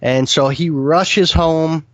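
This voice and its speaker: Guy retelling a scary night in an interview, kinda high voice, dull dry lo-fi sound. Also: takes it slowly, no echo. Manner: earnest, vivid retelling with frequent restarts. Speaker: guest recounting an encounter. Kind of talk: first-person storytelling.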